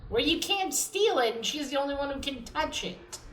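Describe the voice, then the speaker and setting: A woman with an Israeli accent giving a casual, animated spoken review, ranting and swearing in exasperation. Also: sits high, normal speed, distant mic. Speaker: comic reviewer. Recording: roomy echo, off-mic.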